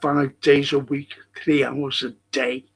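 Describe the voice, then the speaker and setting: A man's voice: mid-range voice, little pitch movement, slow pace, creaky, husky. An older man with a Liverpool accent hosting a livestream, chatting casually, reading out viewers' messages and telling stories with swearing and laughter. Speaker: livestream host reading chat. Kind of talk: casual chat.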